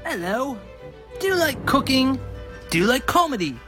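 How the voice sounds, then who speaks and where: A man's voice: very high-pitched, very animated, moderate pace. A man voicing a jaunty announcer in a mock radio promo played over music. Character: jolly male British-style promo announcer.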